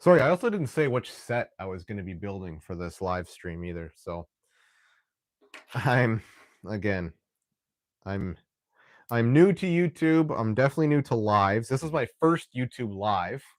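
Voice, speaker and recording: A young man hosting a live stream, chatting casually while he builds, often restarting sentences and clearing his throat. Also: lowish voice, very animated, moderate pace, dry recording, clean studio sound.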